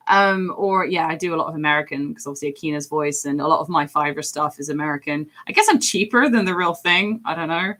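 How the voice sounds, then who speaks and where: An English woman in her thirties with a deep voice, chatting casually and ramblingly on a livestream about voice acting. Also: expressive, fast talker, hardly any pauses, fairly bright tone. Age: 30s. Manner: rambling and chatty, with frequent fillers and laughs. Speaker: streamer and voice actor.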